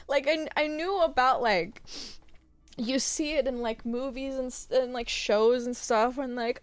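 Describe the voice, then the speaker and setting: A woman's voice: high voice, unhurried, dry recording. A young woman streaming a game, chatting casually with candid, crude humor and frequent giggles. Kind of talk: casual gaming stream chat.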